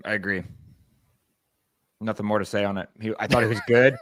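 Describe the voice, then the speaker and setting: Low-voiced man on a hockey panel. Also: brisk, dry recording, clean studio sound. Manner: relaxed, laughs while telling stories. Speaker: hockey talk show panelist. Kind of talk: hockey talk show chat.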